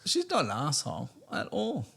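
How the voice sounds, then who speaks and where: A man's voice: on the high side, huge pitch swings, normal speed, vocal fry, a bit bright, slightly rough. A man co-hosting a podcast in casual chat, blunt, crude and joking. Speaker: podcast co-host.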